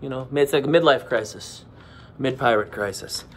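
A man's voice: medium pitch, moderate pace, fairly bright tone, slight background noise. A man in his forties talking plainly to children in a self-mocking, joking way. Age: 40s. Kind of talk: casual talk to children.

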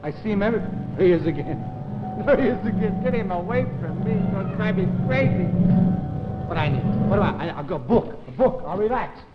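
A man performing in a 1950s TV comedy sketch, talking in a frantic, pleading way that swings from mutters to shouts. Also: sits high, expressive, a little fast. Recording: lo-fi 1950s TV recording with hiss.

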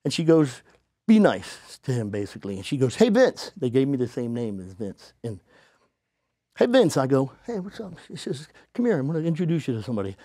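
A man, a podcast guest, telling a story casually and acting out the people he quotes in a higher voice. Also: expressive, fast, mellow, no room sound, studio quality. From United States.

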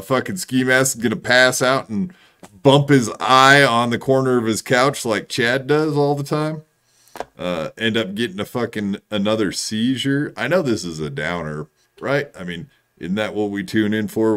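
A man co-hosting a casual live-stream chat, ranting quickly and swearing freely. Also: mid-range voice, a bit bright. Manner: fast-talking, profane, ranting. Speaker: co-host.

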